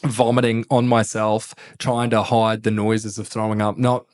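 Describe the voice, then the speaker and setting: Australian guy in his thirties, ex-officer guest, lively yarn-spinner, salty language, laughs through his stories. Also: fairly low pitch, moderate pace. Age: 30s. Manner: animated, laughing, swears a lot, acts out quotes. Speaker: podcast guest, former army captain. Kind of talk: casual storytelling interview.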